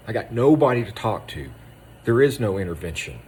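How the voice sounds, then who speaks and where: A male veteran with a low-pitched voice delivers a raw, intense monologue. He hammers short phrases over and over and often sinks into a hushed tone. Faint noise sits under the recording. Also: big pitch swings, fairly quick. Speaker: Army veteran speaking on moral injury.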